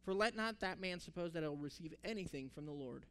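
A man's voice: on the high side, lively intonation, brisk, fairly bright tone, clean tone. A man preaching a sermon, telling the story with animation and acting out the characters' words. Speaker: pastor.

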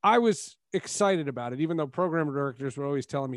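Slightly high-voiced male podcast host. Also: expressive, fast, dry recording, studio quality. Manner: rambling, restarts mid-thought. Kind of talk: casual interview chat.

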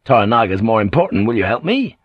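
A man's voice: fairly low pitch, very animated, quick pace, husky, no echo, lo-fi sound. A man voicing a bold, impatient English ship's pilot who talks bluntly and urgently. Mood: forceful.

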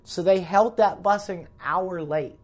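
A man's voice: sits high, measured pace. A Canadian comedian rambles through a travel mishap story, swearing freely and stopping himself mid-sentence. He talks in a loose, conversational way, as if chatting with friends. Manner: rambling, profane, self-interrupting. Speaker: comedian telling a road story. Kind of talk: casual storytelling podcast.

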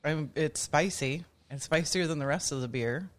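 A man as a podcast guest, chatting casually in a halting way with frequent restarts. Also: on the high side. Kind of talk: casual chat.

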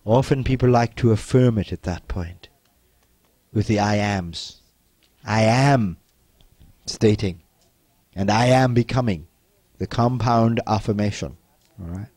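A man giving a self-help teaching talk, speaking slowly and repetitively, gently insistent and often dropping to a soft, quiet delivery. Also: fairly low pitch, dry recording.

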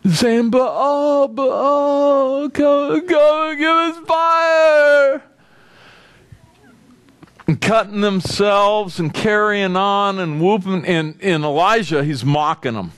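A pastor with a high voice preaches a sermon, recorded without echo. He tells the story with animation, acting out the voices of its figures and asking the congregation questions.

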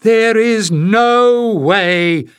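Audiobook figure: man playing a proud, scornful piper elder, higher-pitched, clipped and forceful, dry close sound. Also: a little slow, no room sound. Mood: fierce. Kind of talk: audiobook character reading.

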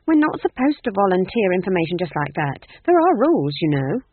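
A man's voice: a little high, sing-song, moderate pace, gravelly, a little hiss or hum. A man voicing a sly male demon that sneers and later whines with fear. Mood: sneering. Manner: sneering, then whining. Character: sly male demon head, smug then fearful. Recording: dry, tinny phone-like sound.

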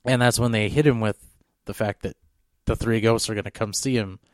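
A man's voice: fairly low pitch, steady tone, fairly quick, a little mellow, dry recording, clean studio sound. A man co-hosting a podcast, telling a long story in a rambling, casual way. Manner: rambling, full of fillers and restarts. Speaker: podcast co-host.

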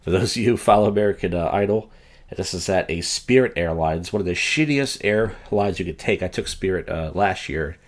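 A man's voice: low-pitched, animated, brisk. A man hosting a comedy podcast, giving crude, sarcastic running commentary on a video clip. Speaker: podcast host.

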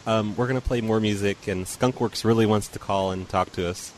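A man's voice: fairly low pitch, steady tone, brisk, a little hiss or hum, poor audio. A man hosting a casual call-in show, joking with callers and laughing often. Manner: easygoing, teasing, laughs often. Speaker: show host.

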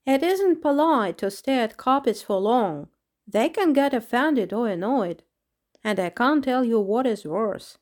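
A woman's voice: fairly high pitch, expressive, measured pace, a little mellow, voice pushed up. A woman voicing a proud, easily offended talking carpet in a storybook. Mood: haughty. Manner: haughty, smirking.

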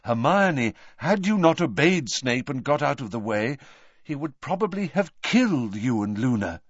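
A man voicing a calm adult teacher figure who speaks firmly. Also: medium pitch, measured pace, no room sound, lo-fi sound, voice pushed up. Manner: firm.

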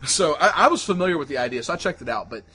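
A man co-hosting a podcast in casual chat, an animated storyteller who laughs often. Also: fairly high pitch, very fast. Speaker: podcast co-host.

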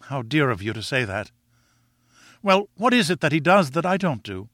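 A man's voice: on the high side, very animated, moderate pace, fairly bright tone, no echo, studio quality. A man reading aloud voices an earnest, lovestruck young man who pleads eagerly with the woman he loves.

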